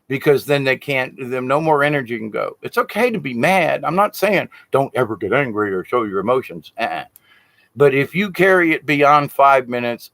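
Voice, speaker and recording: A man talks through spiritual advice in an unscripted, folksy way. His pitch rises and falls in big, animated swings, and he speaks bluntly with casual cursing. The voice sits in an average register and sounds dry, with no room echo. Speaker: shaman teacher. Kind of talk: informal spiritual teaching monologue.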